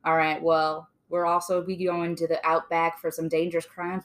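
A woman's voice: sits low, flat delivery, moderate pace, hardly any pauses. A woman hosting a true-crime podcast in casual, joking chat, laughing often. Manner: playful, jokey, laughs often. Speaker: podcast host.

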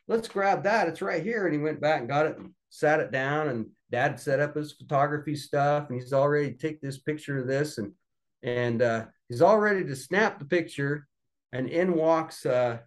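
A man's voice: mid-range voice, normal speed, poor audio. A middle-aged man spinning family stories in an easy conversational way. His voice sits in an ordinary middle register, and he jumps into other people's voices for quoted lines before dropping back to his plain telling. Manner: animated anecdotes that act out other people's voices. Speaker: podcast guest. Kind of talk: casual storytelling.

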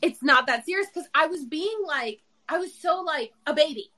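Bright animated woman telling stories. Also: high voice, moderate pace. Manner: animated storyteller, acts out her own voices. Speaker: podcast host. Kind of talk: casual chat.

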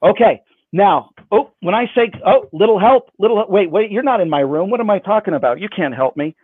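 A man's voice: sits high, animated, fairly quick, breathy edge, no echo. A man performing magic for someone over a video call, with playful, self-mocking patter. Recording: dry, phone-like band.

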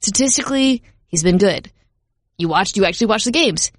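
A woman's voice: mid-range voice, lively intonation, brisk, no room sound, studio quality. A woman with a Minnesota accent co-hosting a podcast, chatting casually and chattily about football with self-mocking asides. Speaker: podcast co-host. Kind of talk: casual sports chat.

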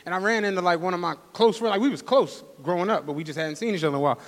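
A man, co-hosting a live podcast and telling animated, laughing stories before an audience. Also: high-pitched, racing. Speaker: podcast co-host. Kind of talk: casual storytelling on a live podcast. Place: studio venue with a live audience. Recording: long reverb of a live venue.

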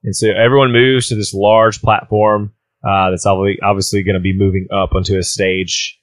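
A man's voice: fairly low pitch, flat delivery, normal speed, no echo. A man running a tabletop game as game master, narrating scenes casually with many fillers.

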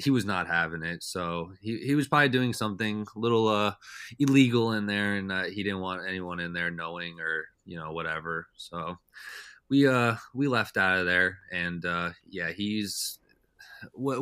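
A man's voice: deep voice, normal speed, fairly bright tone, clear, resonant tone, no echo, studio quality. A young man telling stories as a podcast guest in a loose, rambling way, full of "like" and "uh". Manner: rambling, heavy with "like" and "uh" fillers. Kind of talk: casual storytelling chat.

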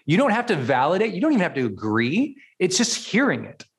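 A man's voice: high-pitched, wildly swooping pitch, fairly quick. A man hosting a motivational podcast and teaching as a coach. He speaks emphatically, repeats key words and often checks in with "right?".

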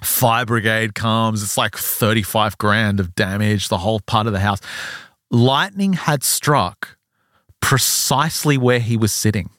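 A man's voice: lowish voice, dry recording, clean studio sound. A man co-hosting a podcast, retelling a story in casual chat and acting out short quotes. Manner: animated retelling with quick acted quotes. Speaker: podcast co-host telling a story.

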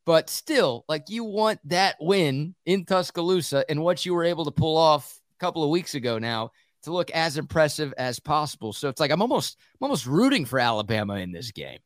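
A man hosting a sports radio show, talking college football in a quick, conversational way and laughing easily. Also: fairly high pitch, big pitch swings, no echo, clean studio sound. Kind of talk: casual sports talk and analysis.

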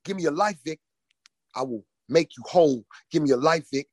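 A man's voice: on the high side, a little fast, no echo, clean studio sound, voice pushed down. A man voicing the solemn, loving divine voice of a male savior speaking to him. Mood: tender solemn. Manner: calm, solemn, loving reassurance.

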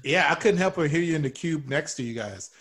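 Brief: excitable superfan coworker, lively pitch, played by a man. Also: brisk. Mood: eager. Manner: excitable, gushing. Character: eager male office coworker obsessed with a show. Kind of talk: improv comedy sketch.

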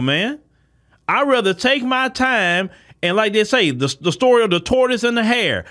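A man with a high voice runs his own podcast. He preaches in a heated commentary, circling back over the same points and calling out directly to his listeners. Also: animated, normal speed, sharp tone. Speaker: podcast host. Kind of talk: impassioned commentary monologue.

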